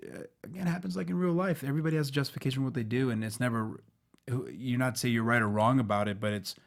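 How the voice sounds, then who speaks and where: A man, a guest actor on a fan talk show, chatting casually and telling animated stories with playful impressions. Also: on the low side. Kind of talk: casual chat.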